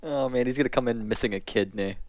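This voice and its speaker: A man's voice: mid-range voice, fast talker, no echo. A man co-hosting a podcast, chiming in with teasing wisecracks in casual chat. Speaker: podcast co-host.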